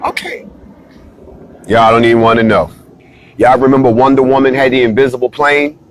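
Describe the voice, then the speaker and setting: A man hosting a casual, animated monologue, playfully talking straight to his viewers. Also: mid-range voice, normal speed, slight background noise. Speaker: host of a talk stream.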